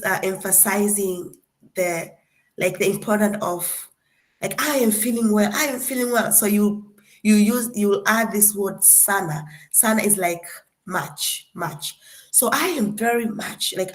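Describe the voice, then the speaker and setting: Young woman teaching greetings in class. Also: mid-range voice. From Tanzania. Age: young adult. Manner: slow, deliberate drilling of words, playful and chatty. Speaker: guest lecturer.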